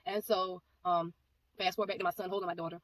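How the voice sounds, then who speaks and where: A woman giving a personal testimony, telling the story in a rapid, animated way and acting out the back-and-forth of the exchange. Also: lowish voice. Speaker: ministry speaker giving a testimony. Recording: voice a bit far from mic, faint background noise.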